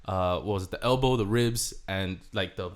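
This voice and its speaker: A young man, a podcast co-host who works as an EMT, telling stories in casual chat, swearing freely and dropping in Spanish words. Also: low-pitched. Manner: fast storytelling, swearing, drops Spanish words.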